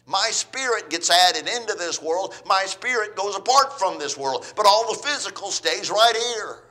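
A man preaching a sermon, swinging between loud emphatic lines and quiet ones, asking his listeners rhetorical questions. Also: sits high, lively intonation, moderate pace. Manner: asks the audience rhetorical questions.

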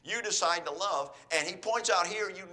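Bright-voiced man preaching a sermon. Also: high voice, moderate pace. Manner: earnest, exhorting, asks the listeners questions.

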